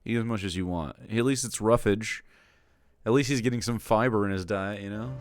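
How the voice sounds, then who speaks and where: A man with a lowish voice talks casually on stream, swearing freely and ranting in exasperation. The sound is close and dry, with no room around it. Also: brisk, clear, resonant tone, no room sound. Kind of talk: casual reaction commentary.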